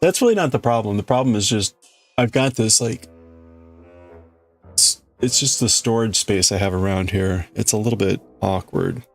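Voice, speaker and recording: This livestream host chats casually and rambles with his viewers, often beginning sentences again. His male voice is on the low side at a normal speed, and faint music sits in the background.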